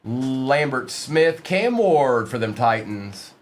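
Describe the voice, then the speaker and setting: Lively male card break host. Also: medium pitch, takes it slowly, a little hiss or hum. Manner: rattles off player names, chats with viewers. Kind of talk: live-stream card break commentary.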